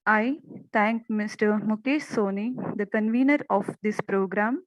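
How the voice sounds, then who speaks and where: A woman's voice: mid-range voice, measured pace, no echo, highs cut off. A woman, a professor delivering a formal vote of thanks and reciting a list of names.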